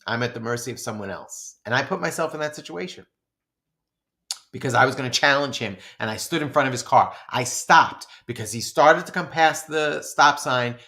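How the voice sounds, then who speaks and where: A man's voice: medium pitch, normal speed. A man co-hosting a podcast, telling a story in casual chat and acting out his own outbursts with laughter. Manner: animated, acts out his own shouting and laughs through stories. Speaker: podcast co-host.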